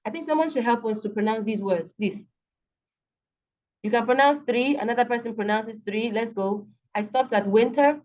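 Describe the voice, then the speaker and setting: A woman with a Nigerian English accent tutoring students over a video call, patient and repeating each word slowly. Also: a little high, a little mellow. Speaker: online tutor. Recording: dull lo-fi video call audio.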